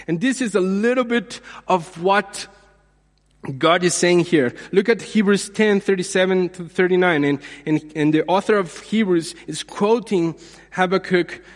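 A man preaching a sermon in a measured way, repeating phrases for emphasis. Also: sits high, in a large hall. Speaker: pastor.

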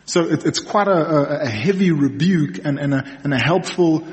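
A man's voice: a little high, animated, normal speed. A young adult man giving a sermon in a conversational storytelling manner, checking in with the audience often. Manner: conversational storytelling, frequent okays and restarts. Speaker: preacher. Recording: long reverb in a large hall.

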